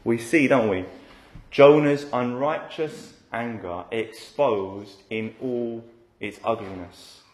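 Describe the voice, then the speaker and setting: A man's voice: medium pitch, slow, a little mellow. Conversational male preacher in an echoey room. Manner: conversational, with frequent rhetorical tag questions. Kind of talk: expository sermon.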